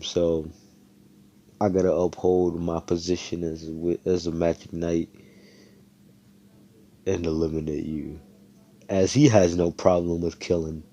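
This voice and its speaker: A young man with a very low, dark voice casually retells a role-play session. He rambles, swears freely and leans on fillers. The delivery is loose and conversational. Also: dull audio. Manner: rambling, profane, filler-heavy.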